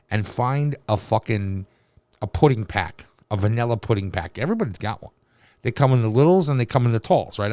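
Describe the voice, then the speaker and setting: A man's voice: on the low side, warm tone, no room sound. A man hosting a reaction video, ranting in a crude, mocking way with constant swearing. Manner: crude, mocking, rambling rants with heavy swearing. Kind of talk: profane reaction commentary.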